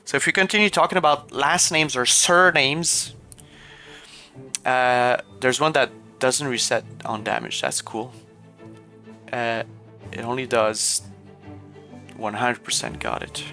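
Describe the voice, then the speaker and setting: A man's voice: mid-range voice, a little slow, pauses often, pushed and bright, faint music behind. A young man with a Quebec French accent, a native French speaker, chatting casually while streaming a game. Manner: chatty, laughs often, shifts into playful French voices.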